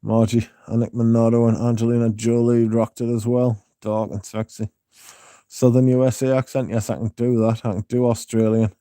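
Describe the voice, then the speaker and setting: Dry-witted man with a dark, mellow voice. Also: medium pitch, level tone, normal speed, no room sound. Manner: dry, sardonic banter with chat. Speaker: livestream host. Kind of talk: casual livestream chat, reading viewer comments aloud.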